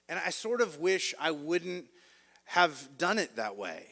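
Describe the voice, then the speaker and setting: Guy preaching, tells a goofy story on himself, bright forceful voice, long echo from a big hall. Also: a little high, moderate pace. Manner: storytelling, self-mocking, animated. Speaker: pastor. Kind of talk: sermon with a told story.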